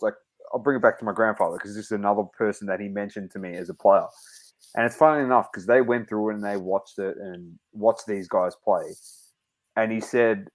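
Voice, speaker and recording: A man co-hosting a podcast, chatting casually, laughing and teasing his co-hosts and calling them mate. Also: lowish voice. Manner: laughing, teasing banter, calls people mate. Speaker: podcast co-host. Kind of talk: casual chat.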